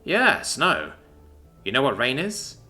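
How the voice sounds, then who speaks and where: Man playing a kind, patient pet owner, calm and soothing, bright tone. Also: medium pitch, takes it slowly, soft background music, exaggerated voice. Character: gentle, kind adult male alien owner.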